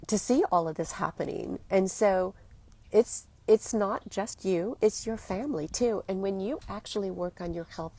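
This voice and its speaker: A woman's voice: fairly low pitch, vocal fry, mellow. A woman in her fifties, a health coach, talking earnestly and emotionally straight to her listeners. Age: 50s. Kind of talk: motivational monologue to listeners.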